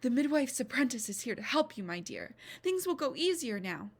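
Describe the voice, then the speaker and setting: A woman voicing a bossy middle-aged male miller who speaks in a brisk, loud way. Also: high voice, big pitch swings, slightly rough, pitched above the performer's own voice, heavily acted. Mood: blustery.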